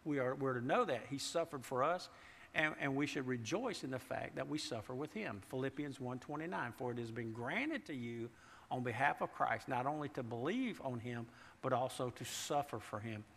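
A man's voice: medium pitch, animated, moderate pace, a bit bright. A man preaching a sermon in a folksy way, repeating and restarting words and asking the congregation questions. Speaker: pastor. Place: church sanctuary. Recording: long church reverb.

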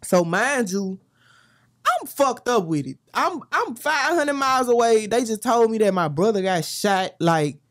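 A woman's voice: fairly high pitch, sing-song, a little slow, dry recording, studio quality. A woman from Baton Rouge, a guest telling a hard personal story in a blunt, profane way, often checking in with the listener. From Baton Rouge, Louisiana. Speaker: guest musician.

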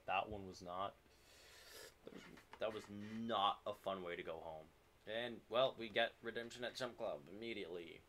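Male streamer, forceful and lower-pitched, profane live commentary, faint noise behind. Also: normal speed. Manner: swears often, loud frustrated outbursts. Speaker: game streamer.

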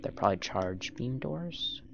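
A man's voice: medium pitch, lively intonation, measured pace, gravelly, muffled recording, background noise. A man in a put-on British accent gives rambling let's-play commentary and talks to the enemies on screen. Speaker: gamer. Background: game music.

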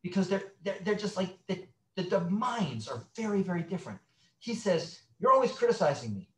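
A middle-aged man speaks as a guest sex therapist, his voice on the higher side and swinging widely as he acts out little scenes. He restarts often and tells things like stories. The sound is roomy, with echo around him. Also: moderate pace. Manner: animated storyteller, acts out quotes, many restarts. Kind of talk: conversational interview.

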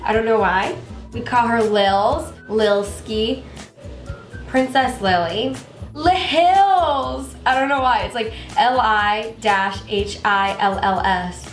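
A woman's voice: medium pitch, echoey room, far from the mic. A young woman vlogger chatting in a gushing, rambling way about her pet, with many fillers, recorded on a camera at home.

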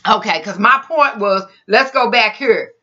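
A woman's voice: mid-range voice, unhurried, sharp tone, dull audio. A woman preacher giving an informal, rambling sermon into a computer mic, with frequent restarts and asides.

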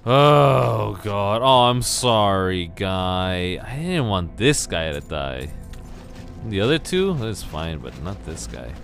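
A man casually commenting on his own gameplay, switching between excited yelps and shouts and muttered asides. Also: lowish voice, slow, creaky, soft background music. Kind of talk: casual let's play commentary.

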